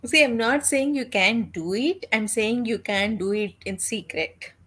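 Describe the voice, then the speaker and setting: A woman chatting on a reading stream, easygoing and teasing, with some hesitant pauses. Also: on the high side, fairly bright tone. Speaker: guest reader on the stream. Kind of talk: casual chat.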